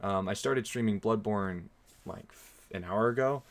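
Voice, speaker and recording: A young man commenting on his own horror-game stream in a slightly low voice. He rambles casually to his viewers, dropping lots of ums and restarts. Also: measured pace.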